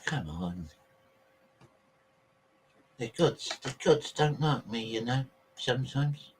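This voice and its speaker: A man's voice: medium pitch, lively intonation, takes it slowly, a little hiss or hum. A man hosting a casual livestream, rambling chattily to his viewers and swearing freely while he sorts out videos on his computer. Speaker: livestream host.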